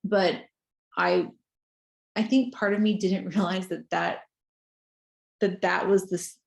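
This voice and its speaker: A woman's voice: fairly low pitch, fairly even intonation, slow pace, gravelly. A woman guest author telling a personal story in casual podcast chat, earnest and full of small restarts.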